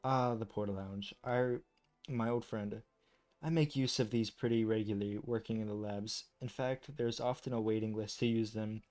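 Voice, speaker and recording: A man's voice: fairly low pitch, fairly even intonation, normal speed, darkish tone. Man stumbling through a read-aloud. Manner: stumbles over words and restarts often; chatty and self-deprecating asides. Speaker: YouTuber reading game lore. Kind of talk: reading aloud with casual commentary.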